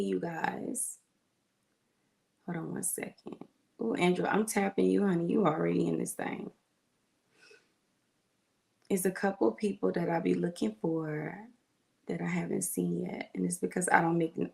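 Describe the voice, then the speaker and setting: A woman's voice: medium pitch, creaky, echoey room. A middle-aged woman, a nurse chatting casually on a phone livestream and greeting viewers by name. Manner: chatty, warm greetings, uses y'all.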